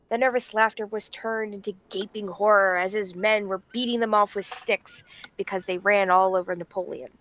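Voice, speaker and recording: A woman's voice: medium pitch, muffled recording. Theatrical woman telling a story on stream. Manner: animated, theatrical, laughing often. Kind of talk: playful live-stream storytelling.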